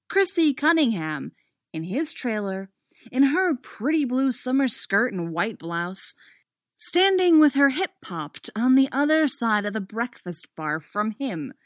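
A woman reading fiction aloud in an expressive way, dropping to a soft voice on the narration tags. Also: a little high, slow, dry recording, clean studio sound. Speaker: storyteller.

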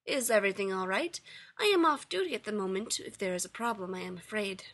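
A bemused, courteous male scientist, read by a woman with a bright, clear tone. He speaks in stiff, formal phrases and stays politely puzzled. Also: medium pitch, lively intonation, fast talker.

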